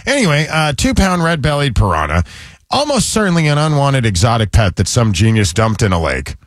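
A man's voice: mid-range voice, wildly swooping pitch, fairly quick, dry recording, clean studio sound. Wry man telling a news story. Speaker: co-host. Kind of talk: casual banter reading a news story.

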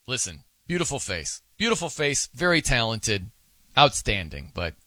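A fill-in sports radio host chats casually, rambling and amused with himself. His voice is a little high and sharp, captured on a studio microphone without room sound.

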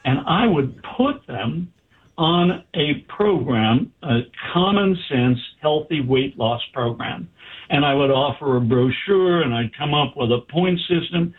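A man's voice: on the high side, measured pace, breathy edge. A man, a doctor being interviewed, telling a story with animation and acting out the dialogue. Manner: animated, acts out quoted dialogue. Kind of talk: anecdotal storytelling. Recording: tinny phone-like line.

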